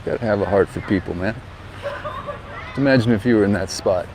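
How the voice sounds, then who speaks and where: A man narrates his stroll through a harbor town in an easy, conversational vlog manner. He points things out and offers tips like a friendly local guide. Traffic and street noise come through clearly behind him. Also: lowish voice, brisk. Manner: chatty, relaxed tour-guide commentary. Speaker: vlogger and real estate agent. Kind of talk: casual walking vlog narration.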